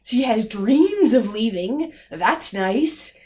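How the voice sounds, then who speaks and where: A young woman vlogging a sarcastic, exasperated film review. Her voice sits a little high and jumps around a lot, from loud disbelieving outbursts down to grumbling asides. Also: expressive, normal speed.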